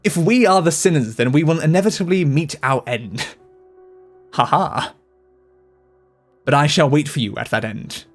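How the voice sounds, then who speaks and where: A man voicing a cold, scheming young woman leader with a measured, brooding delivery. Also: fairly high pitch, faint music behind, natural voice.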